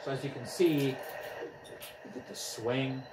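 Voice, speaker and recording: Young male gamer, excitable trash-talker, out of breath, slow delivery, echoey room, picked up from across the room. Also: mid-range voice, noisy background. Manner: excitable, trash-talking, yelps and whoops. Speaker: gaming vlogger. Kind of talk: casual gameplay commentary. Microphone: camera mic from a few steps away. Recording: echoey room, distant from mic.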